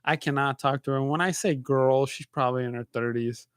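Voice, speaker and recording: A man's voice: mid-range voice, a little fast, clean tone, no room sound, clean studio sound. A man in his forties, a podcast host, telling a rambling story in casual chat, peppering it with dude and man. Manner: animated storytelling, says dude and man a lot.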